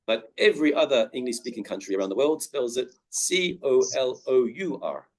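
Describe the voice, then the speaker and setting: An Australian man giving a webinar talk on accents, thoughtful, with many pauses and restarts, heard over a video call. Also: mid-range voice, animated, poor audio. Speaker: webinar guest speaker. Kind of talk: informal talk with audience questions.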